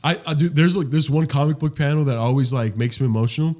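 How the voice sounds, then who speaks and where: A young man co-hosting a casual podcast, talking animatedly and restarting his sentences as he gets worked up. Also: quick pace. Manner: animated, rising pitch when worked up, trailing restarts. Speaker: podcast co-host.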